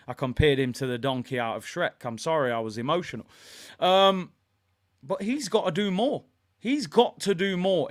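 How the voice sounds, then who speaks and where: Animated man talking football. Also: on the high side. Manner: animated, opinionated, reads chat comments aloud. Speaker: fan channel host. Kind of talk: casual football commentary.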